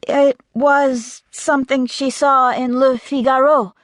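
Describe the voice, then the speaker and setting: A woman's voice: high-pitched, level tone, slow pace, no room sound, pitched above the performer's own voice. A woman voicing a flustered young female assistant who tries to sound cheeky, in a lifted, eager tone.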